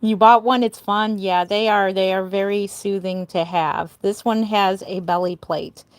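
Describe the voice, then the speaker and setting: A woman's voice: medium pitch, fairly even intonation, measured pace, clean tone, dry recording. An older woman chatting on a live stream as a doll artist, greeting viewers by name with a bubbly, giggly manner. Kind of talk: casual live stream chat.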